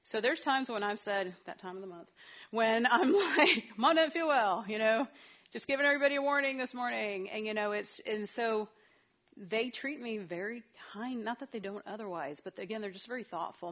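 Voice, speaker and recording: A woman's voice: medium pitch, fairly quick. A middle-aged woman leading a parenting workshop for a group, talking casually and animatedly with frequent laughter. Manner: conversational, animated, laughs often.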